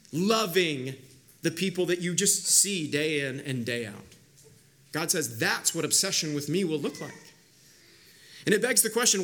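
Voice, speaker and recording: A man with a fairly high voice delivers an earnest church sermon as the pastor. He speeds up for stories and slows right down to dwell on key words. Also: sharp tone. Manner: earnest, varies pace, slows to stress words. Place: church sanctuary.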